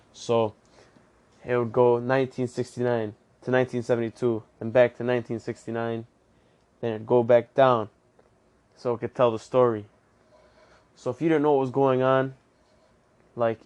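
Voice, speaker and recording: A man's voice: mid-range voice, darkish tone, smooth. A young man hosting a casual book review podcast, talking in a chatty, plainspoken and repetitive way.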